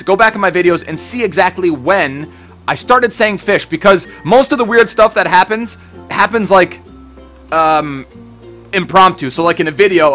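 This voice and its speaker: High-pitched and a bit bright, this young male gaming channel host loosely works through a Q&A on camera. He rambles in a laid-back way, swears, and calls people bro. He was born in Switzerland, then grew up in Germany and the United States.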